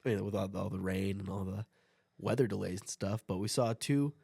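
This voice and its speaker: A man's voice: fairly low pitch, brisk, vocal fry, mellow, husky, no room sound, studio quality. A young man co-hosting a podcast in casual banter, self-deprecating and joking about his whiny tone. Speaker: podcast co-host.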